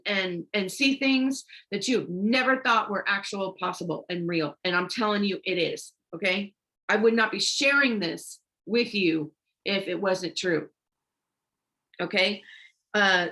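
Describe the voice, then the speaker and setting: A woman preaches an informal sermon in a mid-range voice. She speaks urgently and repeats her points. She trips over words and restarts when she rushes. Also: mid-range voice, sharp tone. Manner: urgent and exhortative, repeats herself, frequent "okay?" and "y'all"; stumbles and restarts when rushing. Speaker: online preacher. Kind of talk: informal sermon with scripture reading.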